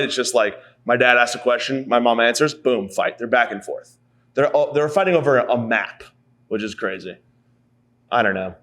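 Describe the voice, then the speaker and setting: A podcast host in his thirties delivers a rambling, profane, self-mocking comedy monologue. His voice is mid-range with a fairly bright tone.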